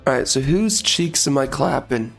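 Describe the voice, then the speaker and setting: A man giving casual gameplay commentary, ranting bluntly in a hoarse voice and dropping mild minced swears. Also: mid-range voice, expressive, moderate pace, fairly bright tone, soft background music.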